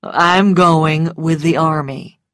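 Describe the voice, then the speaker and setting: A woman voicing a self-assured, mocking grown man in a storybook reading, speaking calmly in a low, quiet murmur. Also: slow, no echo, studio quality. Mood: teasing. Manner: calm, low and teasing, dropping to a murmur.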